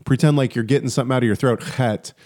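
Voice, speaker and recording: A man's voice: medium pitch, fairly even intonation, racing, a little mellow, dry recording, clean studio sound. A man co-hosting a faith podcast, chatting casually and telling stories with lots of fillers and restarts. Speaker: podcast co-host.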